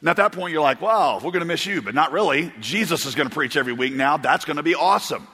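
Preaching in a church auditorium, a male pastor tells funny stories in a wandering way, chuckling and restarting as he goes. His voice is highish, lively, fast, and bright and pushed with a breathy edge, and the large hall gives it a long reverb.

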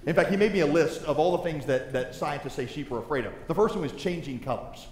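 Animated preacher in an echoey hall. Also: male voice, fairly high pitch, quick pace. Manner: animated, humorous storytelling with acted-out voices. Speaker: pastor. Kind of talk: sermon. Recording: echoey hall with long reverb.

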